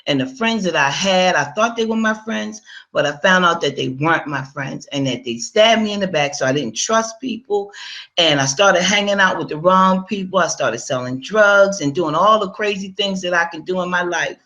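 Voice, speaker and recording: A woman's voice: fairly low pitch, moderate pace, sharp tone. A woman giving a personal testimony in a conversational storytelling manner, speaking straight to her listeners and acting out her own past dialogue.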